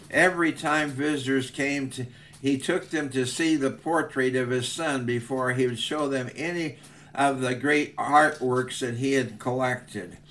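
A male preacher telling an illustration in a sermon, with measured, earnest narration. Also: mid-range voice, fairly bright tone. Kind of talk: sermon storytelling.

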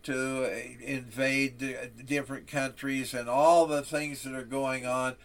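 A man's voice: mid-range voice, level tone, slow pace. A male preacher telling a solemn story, then delivering a sermon.

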